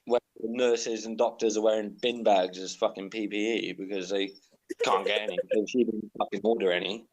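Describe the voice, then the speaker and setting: A man's voice: lowish voice, fairly even intonation, fairly quick, crowd noise, low-quality recording. A man joining a casual chat over a remote call, blunt and sweary as he rants. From Britain.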